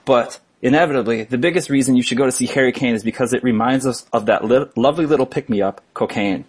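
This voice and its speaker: Man, podcast co-host, wry jokey banter, slightly husky tone, mid pitch. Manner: wry, jokey, halting with fillers. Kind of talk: casual joking chat.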